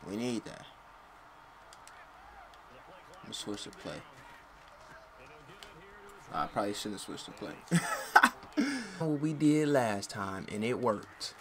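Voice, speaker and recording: A man's voice: fairly low pitch, expressive, a little slow, pauses often. Slangy young man ranting over gameplay. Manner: slangy, frustrated, yells and curses at the game. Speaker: gaming channel host. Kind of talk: casual gameplay commentary.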